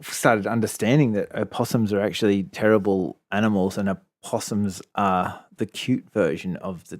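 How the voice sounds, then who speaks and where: A man's voice: on the low side, darkish tone, dry recording. A man with an Australian accent, co-hosting a casual podcast and telling rambling stories with a laugh. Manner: rambling, chatty storytelling, laughs often. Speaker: podcast co-host. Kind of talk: casual chat.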